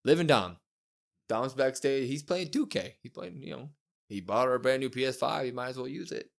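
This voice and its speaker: A man co-hosts a wrestling recap podcast at a mid pitch. He talks casually and acts out the backstage lines in animated voices. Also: a little fast, creaky. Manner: retells scenes acting out quoted lines in lively voices. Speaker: podcast co-host.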